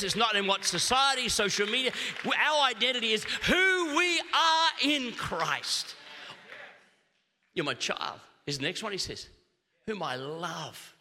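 A middle-aged Australian pastor delivers a sermon, telling stories with humor and animation and making quick restarts. His tone is high and brilliant, and the recording has long hall reverb.

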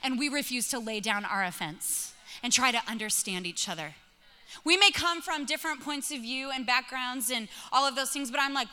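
A woman in her thirties delivers a sermon with a high, piercingly bright voice. She tells stories in an animated way and acts out every bit of dialogue. Her words ring out with the long reverb of a big hall. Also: normal speed. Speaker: pastor. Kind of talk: sermon with personal story.

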